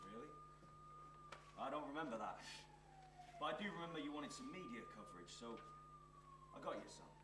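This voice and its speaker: A man's voice: medium pitch, animated, brisk, pauses often, roomy sound, heavy background noise, lightly acted. An actor playing a menacing, scheming male arsonist on stage, taunting and sneering. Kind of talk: stage play performance.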